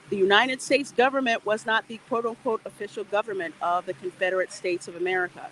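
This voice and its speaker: A woman's voice: mid-range voice, slight background noise, poor audio. Chatty woman hosting a walking livestream. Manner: chatty and animated, greeting viewers. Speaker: livestream host. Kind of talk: casual educational walking livestream.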